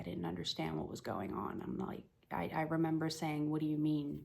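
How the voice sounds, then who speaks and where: A woman's voice: low-pitched, expressive, moderate pace, creaky, darkish tone, slight background noise. A woman telling a personal story to the camera in a plain, conversational way, full of "you know"s. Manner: plain, matter-of-fact retelling. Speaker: mother telling of a pregnancy loss.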